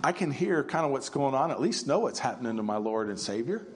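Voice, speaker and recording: A preacher acting out the apostle Peter as a troubled grown man, halting and stumbling over his words. The voice sits in a plain, middling register, with a lilt. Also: mid-range voice, sing-song, close to an everyday voice. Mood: worried. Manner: hesitant, stammering inner thoughts.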